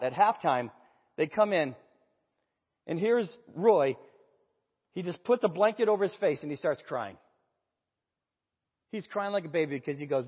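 A man with a high, husky voice preaches a storytelling sermon, sinking low and soft for quoted lines. The sound is muffled and rings with long reverb in a large hall.

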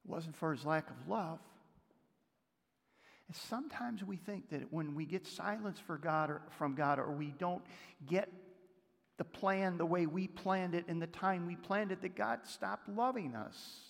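High-voiced male pastor in a reverberant hall. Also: a little slow, creaky. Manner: storytelling, reads scripture aloud, shifts between loud and hushed. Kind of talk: sermon.

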